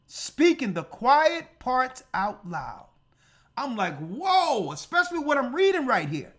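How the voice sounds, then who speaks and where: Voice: sits high, sing-song, slow pace, fairly bright tone. A church elder preaching on prophecy, emphatic and full of rhetorical questions. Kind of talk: prophecy teaching sermon.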